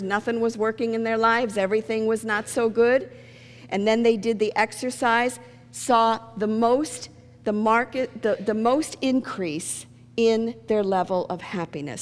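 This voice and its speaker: A woman minister preaches in a relaxed, conversational manner, telling stories and slipping into the voices of the people in them. Her voice sits a little high. The long reverb of a church sanctuary hangs on every phrase. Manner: conversational storytelling, acting out quoted voices. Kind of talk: sermon.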